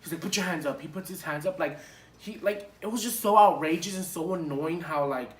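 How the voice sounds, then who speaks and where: A young man recounts a story for his vlog in a loose, animated, profane style, full of fillers. His voice sits a little high. The room around him is echoey, with faint hiss behind it. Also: a little fast. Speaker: vlogger.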